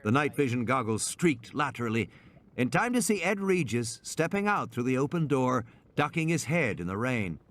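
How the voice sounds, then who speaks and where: A man narrating an audiobook in a dramatic, scripted style. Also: normal speed. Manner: dramatic, lively pitch swings.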